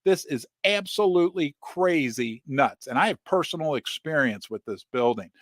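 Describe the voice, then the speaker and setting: Animated, rambling middle-aged man host. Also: fairly high pitch, moderate pace, dry recording, studio quality. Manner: animated, rambling, talks straight to viewers. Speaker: host of a precious metals channel. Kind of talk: casual livestream commentary.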